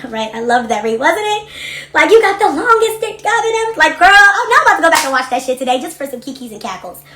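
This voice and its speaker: A young adult woman hosting a casual livestream from her home office, reading comments and talking in a blunt, profane, animated way. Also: fairly high pitch, roomy sound. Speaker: livestream host.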